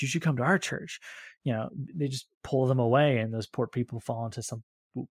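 A young American man co-hosting a podcast, telling animated stories about church culture with many restarts. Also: mid-range voice, vocal fry, no echo, studio quality. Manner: animated storyteller, frequent restarts. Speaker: podcast co-host.

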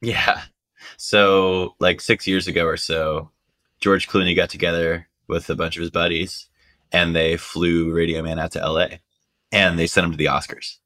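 A man tells a story in casual conversation, his voice very low yet bright and forceful. He is animated, jumping into high voices for the people he quotes. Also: normal speed. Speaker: reporter telling a story.

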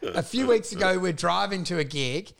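A high-voiced man with a gravelly edge, telling animated stories and swearing freely. His tone is bright and forceful. He laughs through casual comedic chat. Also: moderate pace. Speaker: comedian and podcast co-host.

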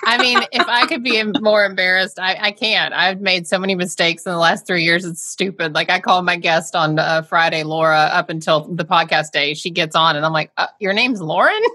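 A woman hosts a podcast in a chatty, self-deprecating way. Her voice sits lowish in pitch yet comes across bright and forceful. The sound is dry and close. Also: steady tone, a little fast, few pauses, dry recording. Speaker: podcast host. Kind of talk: casual conversational interview.

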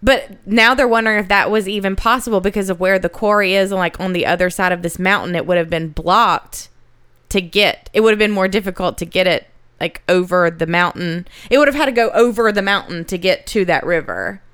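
A woman's voice: mid-range voice, fairly quick, fairly bright tone, clean tone, no echo, studio quality. A woman co-hosting a podcast, explaining a history story in casual chat with her sister and laughing often. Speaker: podcast co-host.

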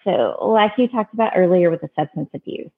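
Low gravelly woman on a phone-like line. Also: animated, a little fast. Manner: earnest, plainspoken, with restarts. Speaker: adoption advice guest. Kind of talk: casual advice talk. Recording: phone-like narrow band.

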